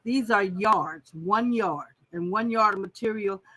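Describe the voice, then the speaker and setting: A woman's voice: medium pitch, measured pace, pushed and bright, poor audio. A woman hosting a casual live-stream quilting tutorial, chatting straight to her viewers as she goes.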